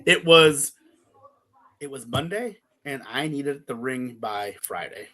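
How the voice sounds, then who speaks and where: Bright-voiced man telling a story, swearing. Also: mid-range voice, slow. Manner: swears freely, animated storyteller acting out quotes. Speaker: podcast co-host. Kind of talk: casual chat, storytelling.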